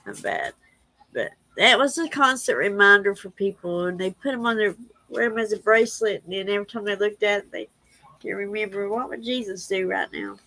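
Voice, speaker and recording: Gravelly-voiced woman, tender. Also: mid-range voice, fairly quick, bright, forceful tone, dry recording, poor audio. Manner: tender, emotional, laughs easily. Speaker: livestream host reading prayers. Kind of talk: casual livestream chat with scripture readings.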